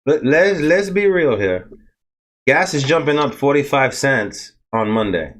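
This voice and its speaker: A man's voice: mid-range voice, expressive, measured pace, over a noisy crowd. A man hosting a casual podcast chat who rambles and repeats words as he searches for them.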